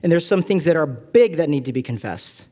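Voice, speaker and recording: Animated preaching man from California. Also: on the high side, a little fast. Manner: animated, self-deprecating storytelling. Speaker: pastor. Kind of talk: sermon.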